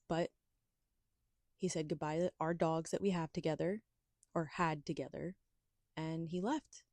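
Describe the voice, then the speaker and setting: A woman's voice: deep voice, fairly even intonation, measured pace, long pauses, darkish tone, dry recording. A woman hosting her own podcast, telling a personal story in a candid, confiding, emphatic way. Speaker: podcast host.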